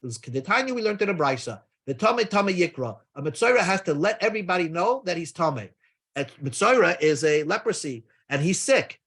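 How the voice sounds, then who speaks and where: A man's voice: sits high, big pitch swings, fairly quick, fairly bright tone. A man giving a daily Talmud lesson, explaining step by step with casual asides and freely mixing in Hebrew and Aramaic terms. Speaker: Talmud teacher.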